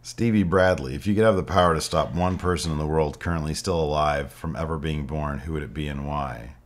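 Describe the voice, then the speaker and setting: Low-voiced laid-back man. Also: a little fast. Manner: rambling, laid-back storytelling with fillers. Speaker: podcast co-host. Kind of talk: casual chat.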